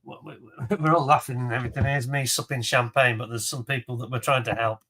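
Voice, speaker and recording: Bright-voiced chatty host. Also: male voice, mid-range voice, steady tone, fast talker. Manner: chatty, laughs often, enthusiastic. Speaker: auction host showing model kits. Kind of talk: casual live-stream chat.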